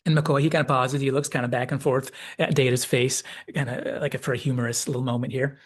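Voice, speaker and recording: Husky man hosting a rambling, reflective episode analysis; mid pitch. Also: flat delivery, fairly quick. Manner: thoughtful, digressive, with many hedges. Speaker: channel host, commentator.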